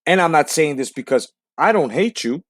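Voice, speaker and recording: Guy going off about boxing, cursing a lot, higher-pitched voice, dry close sound. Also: lively intonation, moderate pace, no echo. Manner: emphatic, profane, street slang. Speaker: boxing channel host. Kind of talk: casual profane rant.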